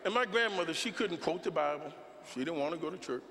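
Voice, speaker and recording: A man giving an impassioned political speech at a forum, in a preaching cadence that builds to shouts. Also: on the high side, animated, quick pace. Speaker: speaker at a Saturday forum. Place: large hall with a choir. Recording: long hall reverb from the PA.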